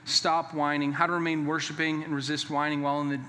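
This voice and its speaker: A pastor preaches a sermon in a high, bright voice with little pitch movement, the large church sanctuary giving it a long echo. He hammers his points home emphatically through forceful repetition, slips in quick joking asides, then turns serious again.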